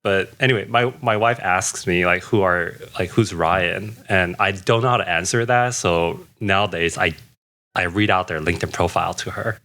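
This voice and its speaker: A man's voice: deep voice, normal speed, bright, forceful tone. A man in his thirties, a guest on a podcast, chatting casually with wry self-mockery and easy swearing. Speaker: podcast guest, product designer.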